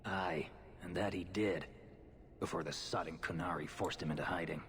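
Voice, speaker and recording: An actor playing a blunt, stubborn male dwarf warrior with a gruff manner, in a video game. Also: deep voice, steady tone, normal speed, fairly bright tone, a little hiss or hum. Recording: game audio with long reverb.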